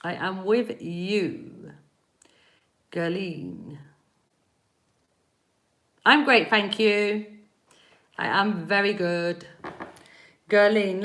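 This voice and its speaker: A woman's voice: fairly low pitch, slow, long pauses, fairly bright tone, a little hiss or hum. A woman from East London with an East London accent, chatting on a live stream as a spiritual reader, rambling and laughing as she greets viewers by name. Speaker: spiritual reader and energy healer. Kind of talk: live-stream chat answering viewer comments.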